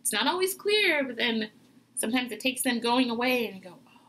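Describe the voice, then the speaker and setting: A woman and mother talking as a guest in a casual interview, animated and quick to act out what people say. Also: fairly high pitch, poor audio. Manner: animated, acts out quoted voices. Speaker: podcast guest.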